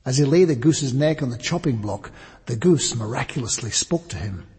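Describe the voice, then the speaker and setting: Narrator, male, very breathy husky voice, measured fable telling, long hall reverb. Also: medium pitch, animated, a little mellow. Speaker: storyteller.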